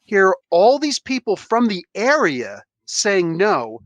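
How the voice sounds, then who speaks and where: A man's voice: high-pitched, huge pitch swings, slow pace, fairly bright tone, no room sound. A man hosting a casual podcast chat who rambles with heated, restarting rants. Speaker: podcast host.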